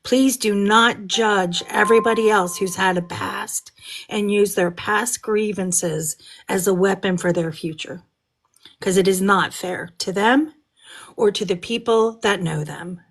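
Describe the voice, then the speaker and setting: A woman's voice: mid-range voice, a little slow, vocal fry. A woman on a live stream, speaking firmly and admonishingly. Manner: firm, admonishing. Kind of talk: impassioned casual speech.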